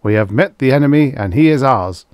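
A man's voice: medium pitch, animated, a little fast, clear, resonant tone, no room sound, lo-fi sound, voice pushed up, close to an everyday voice. A man voicing a squad of rigid, battered male robot soldiers reporting in unison in a storybook reading. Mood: barked. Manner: barked in unison.

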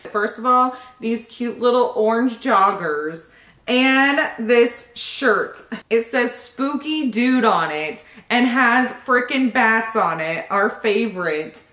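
A young pregnant woman in a casual vlog, excitedly opening baby gifts and thanking each sender. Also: fairly high pitch, slow pace. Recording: echoey room.

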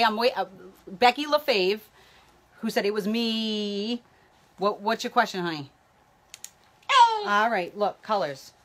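A woman's voice: medium pitch, unhurried, long pauses. A woman psychic medium giving live-streamed readings, chatting loosely and calling out viewers by name. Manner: talks while a baby tugs at her hair.

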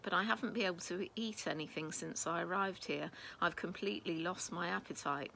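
A woman voicing a gentle, tearful young goddess who speaks softly and pleadingly. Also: lowish voice, fairly quick, creaky, a little hiss or hum, poor audio. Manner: soft-spoken, pleading.

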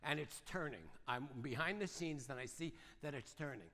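Fast-talking older man in a big hall. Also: on the high side, expressive, fairly bright tone. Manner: fast, punchy, keeps asking the audience "right?" and "yes or no?". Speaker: seminar speaker. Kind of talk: motivational seminar talk. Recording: long reverb of a large hall.

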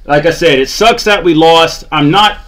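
Exasperated ranting man, slightly high voice. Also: moderate pace, fairly bright tone. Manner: exasperated, groaning, sarcastic. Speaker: sports channel host. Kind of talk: ranting fan commentary.

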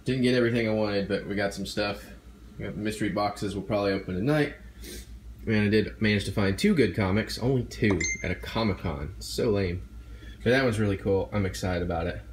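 Brief: male vlogger, lowish voice, worn-out and rambling, casual swearing. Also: a little fast, a little hiss or hum. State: tired. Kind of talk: casual vlog chat.

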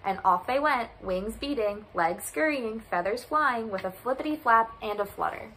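A woman volunteer reading a children's picture book aloud in an expressive, storytelling manner. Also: a little high, normal speed, a little hiss or hum, rough recording. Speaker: volunteer reader.

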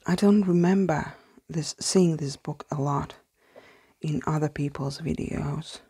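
A woman speaking English as a second language, chatting softly through a casual book haul vlog and slipping into hushed whispers of delight. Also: deep voice, fairly even intonation, slow pace, breathy edge. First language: not English. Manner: soft-spoken, often drops to a hushed whisper in awe; hesitant, with fillers and restarts. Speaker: vlogger.

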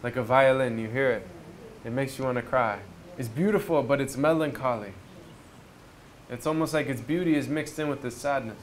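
A man's voice: mid-range voice, normal speed. A man giving a reflective spiritual talk at a retreat, storytelling conversationally and asking his listeners rhetorical questions. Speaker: speaker at a retreat. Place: outdoors near a river.

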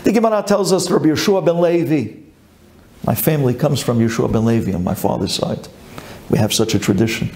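A man, a rabbi, giving a dramatic storytelling sermon, chanting lists and swinging between high and low. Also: expressive, brisk, a little mellow.

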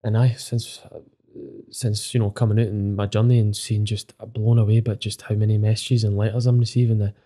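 A man's voice: on the low side, little pitch movement, brisk, mellow. A man in his thirties with a Scottish accent, speaking openly and emotionally in a podcast interview, swearing often. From Scotland. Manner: open and emotional, with frequent swearing. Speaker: footballer guest.

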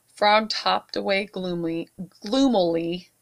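A woman at a library storytime, reading a picture book aloud to children with expressive asides. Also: mid-range voice, unhurried. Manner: warm, expressive read-aloud with asides to kids.

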